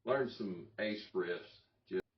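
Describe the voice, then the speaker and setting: Low-voiced man rambling in a roomy space. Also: slow pace. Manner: rambling, self-interrupting, chuckling. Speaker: YouTube channel host. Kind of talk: casual talking-head vlog. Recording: roomy, distant, dull lo-fi sound.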